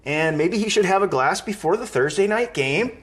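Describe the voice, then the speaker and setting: A man's voice: high-pitched, expressive, moderate pace, fairly bright tone. A man from Wisconsin hosting a live fan stream, chatting casually, reading viewer comments aloud and laughing easily. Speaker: live show host.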